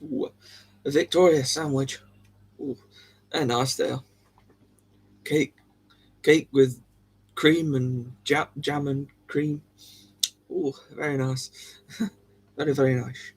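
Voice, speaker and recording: A man's voice: on the high side, fairly even intonation, slow pace, creaky, pauses often, slightly rough. A man hosting a livestream, chatting casually with viewers in a jokey, giggly way. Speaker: livestream host.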